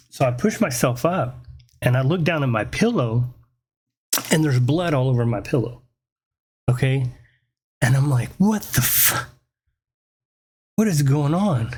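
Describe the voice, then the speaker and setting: A man telling a personal story in a casual, animated way, swearing freely and often checking in with "right?". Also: medium pitch. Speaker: podcast host.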